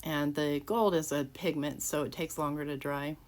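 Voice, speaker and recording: A low, steady female voice at normal speed narrates a handmade card project from a home craft room. It's a casual crafting tutorial, and she restarts her phrasing often as she explains each step.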